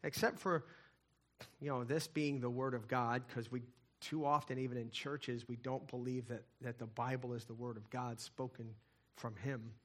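A middle-aged man preaching a sermon, telling stories and swinging between loud emphatic lines and hushed, quiet ones. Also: mid-range voice, fairly even intonation, normal speed. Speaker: pastor.

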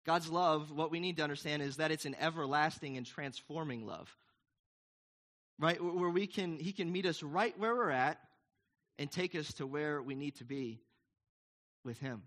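A man's voice: fairly high pitch, normal speed, a bit bright. A man preaching a sermon in an earnest, emphatic, conversational way, asking the congregation questions. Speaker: pastor.

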